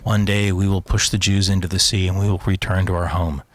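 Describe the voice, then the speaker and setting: A man talking as an intelligence analyst guest in casual podcast chat, animated, laughing often and restarting his sentences. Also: low-pitched, fairly quick, no room sound.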